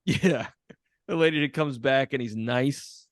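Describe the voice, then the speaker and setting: Male podcast co-host, average pitch, crude casual banter, dry close sound. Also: measured pace, no echo. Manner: crude, laughing, swears freely. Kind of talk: casual chat.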